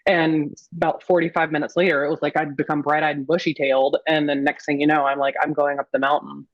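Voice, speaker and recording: A woman panelist telling a personal story in casual talk, animated and acting out what others said. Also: deep voice, fast talker, dry recording. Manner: animated, acts out quotes of others. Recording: dull lo-fi audio.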